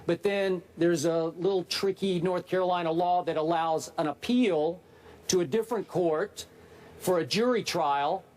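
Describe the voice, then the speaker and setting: A man's voice: sits high, unhurried, darkish tone. A man co-hosting a sports debate show in a TV studio, sounding indignant and exasperated.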